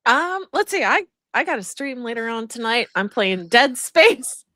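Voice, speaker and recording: Woman streamer rambling thru a story w lots of ums, high bright voice, dry sound. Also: sing-song, unhurried, no echo. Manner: laughing, rambling with many fillers. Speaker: guest streamer. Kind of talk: casual storytelling on a livestream.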